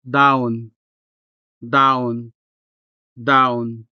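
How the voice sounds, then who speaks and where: A man from the Philippines, a Hiligaynon speaker, teaching a language lesson slowly and patiently, repeating each example word. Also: on the high side, fairly bright tone, clear, resonant tone, no echo, lo-fi sound. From Philippines (Western Visayas). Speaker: language tutor. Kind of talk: slow, careful language lesson.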